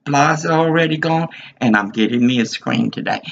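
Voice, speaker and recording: A man's voice: medium pitch, normal speed, gravelly. A man in his fifties giving an agitated, rambling monologue, repeating himself as he vents. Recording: dull lo-fi recording.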